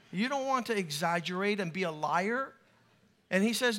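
A man's voice: sits high, expressive, moderate pace, fairly bright tone. A man pastor preaching a sermon in an emphatic, humorous way.

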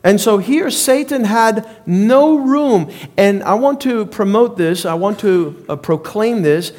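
A man's voice: high-pitched, expressive, slow pace, a little mellow. A man preaching a sermon in an emphatic, repetitive way.

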